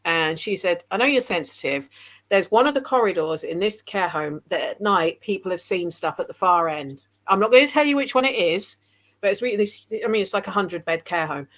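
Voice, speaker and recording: An English woman, a paranormal investigator, telling animated stories in casual conversation over a video call. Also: on the low side, normal speed. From England. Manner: chatty, animated anecdotes. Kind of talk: casual storytelling.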